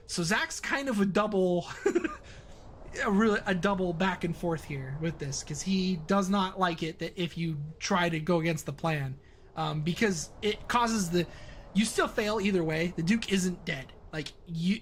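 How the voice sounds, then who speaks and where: A man's voice: high voice, fairly bright tone, slight background noise. A man streaming the development of his own game, rambling through casual explanations of how it plays. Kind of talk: casual livestream commentary.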